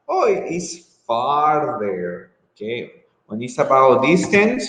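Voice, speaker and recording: A man teaching English grammar in an online lesson, speaking slowly and drawing words out, with frequent mm-hmms. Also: mid-range voice, sing-song, fairly bright tone. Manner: slow, drawn-out, with frequent mm-hmms. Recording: echoey room with long reverb.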